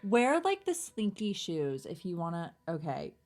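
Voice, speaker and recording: A young woman co-hosting a podcast in casual chat, blunt, swearing casually and laughing loudly. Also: on the low side, big pitch swings, unhurried. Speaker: podcast co-host.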